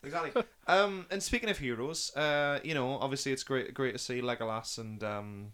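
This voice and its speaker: A young man hosting a casual film chat, rambling with fillers and restarts and bursting into excited impressions. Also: medium pitch, moderate pace, clean tone. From Northeast England. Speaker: podcast host.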